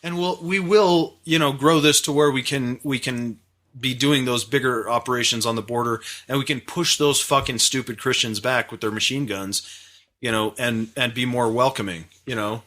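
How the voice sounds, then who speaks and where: A man's voice: medium pitch, normal speed, sharp tone. A man from Massachusetts co-hosting a casual podcast, rambling and profane with many restarts. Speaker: podcast co-host.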